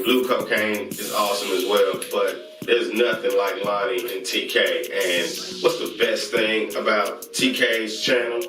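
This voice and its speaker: Male vlog host, excitable and chanting, roomy distant mic with music bed. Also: on the low side. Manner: excitable, chants call-and-response catchphrases. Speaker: host reviewing online comedy channels. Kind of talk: casual hyped-up vlog shout-outs.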